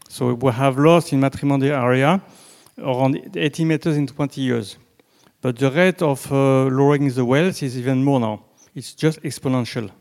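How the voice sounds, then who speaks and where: A man with a French accent, a native French speaker, giving a slow, halting presentation with slides and frequent restarts. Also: mid-range voice, a little mellow. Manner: halting, many restarts and fillers, deliberately slow. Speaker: presenter on groundwater.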